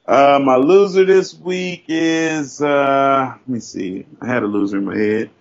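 A man co-hosting a casual podcast, telling stories in a profane, animated way. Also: mid-range voice, unhurried, highs cut off. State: sore from a fall. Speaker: podcast co-host. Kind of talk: casual chat.

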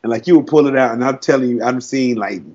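A man's voice: medium pitch, fast, a little mellow, dull audio. A man, a podcast co-host, rambling in a casual chat with heavy slang and frequent laughs.

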